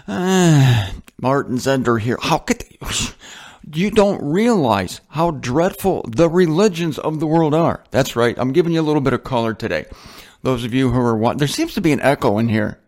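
A man hosting a Bible teaching show, talking in a loose, conversational way with asides and slow, dramatic emphasis. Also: medium pitch, lively intonation, darkish tone. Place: indoors, a guest home. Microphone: headphones on, talking into a mic.

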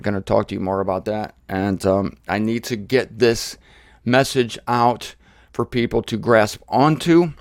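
A middle-aged man preaching an informal sermon series, conversational and animated, mimicking his critics. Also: medium pitch, no echo, studio quality.

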